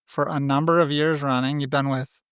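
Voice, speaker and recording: A man's voice: on the high side, flat delivery, fairly quick, a bit bright, smooth, no room sound, studio quality. A man hosting a podcast in loose, joking casual chat, often trailing off mid-sentence. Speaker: podcast host.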